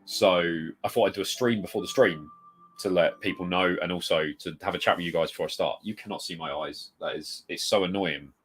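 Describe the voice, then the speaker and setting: Low-voiced man rambling on a live stream. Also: fairly quick, a bit bright, breathy edge, soft background music. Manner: rambling, reads out viewer comments and greets them. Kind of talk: casual live-stream chat. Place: home room full of retro games. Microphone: desk mic moved close.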